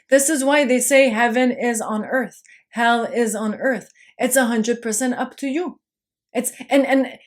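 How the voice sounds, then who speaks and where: A woman talking casually to camera, reassuring and insistent, with many restarts and repeated "trust me" and "okay?". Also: high voice. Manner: frequent restarts and stammered repeats. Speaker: video host. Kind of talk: casual spoken monologue.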